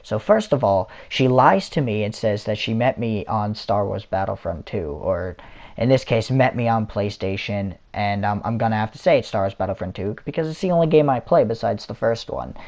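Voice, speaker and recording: A young man rambles through a story in a casual vlog, stumbling over restarts and fillers. His voice sits a little low, like a headset chat. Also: expressive, normal speed, a little mellow. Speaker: vlogger. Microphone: console or headset mic.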